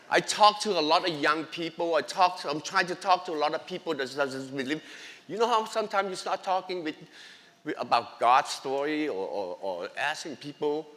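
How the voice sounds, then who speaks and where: A man's voice: on the high side, bright, forceful tone. Earnest man testifying in a reverberant hall. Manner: earnest, emotional, non-native English grammar. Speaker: church guest speaker. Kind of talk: personal faith testimony. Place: church sanctuary. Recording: long reverb of a large hall.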